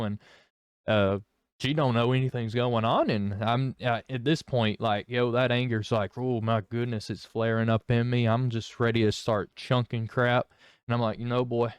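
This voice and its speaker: A man's voice: medium pitch, clear, resonant tone, no room sound. Young man sharing his testimony, candid and rambling, with a clean, resonant voice. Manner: rambling, candid, many fillers and restarts. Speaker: vlogger. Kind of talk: personal testimony.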